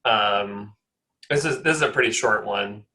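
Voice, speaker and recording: Bright-voiced jokey man. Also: on the low side, unhurried. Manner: chatty, jokey. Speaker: podcast co-host. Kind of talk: casual chat.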